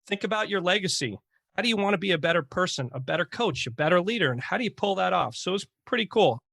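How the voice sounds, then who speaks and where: A man's voice: high-pitched, lively intonation, fast talker, creaky, fairly bright tone, dry recording, clean studio sound. A man with a Boston accent co-hosting a casual podcast, upbeat, joking and openly emotional. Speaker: podcast co-host.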